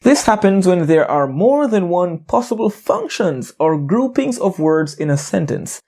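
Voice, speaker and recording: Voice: medium pitch, very animated, measured pace, a little mellow. An English teacher giving an educational narration, explaining playfully with jokes and wordplay.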